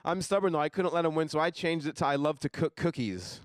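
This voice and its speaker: A young man doing a stand-up comedy set on a live stage, deadpan, dropping his voice low for asides. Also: fast, dry recording, studio quality.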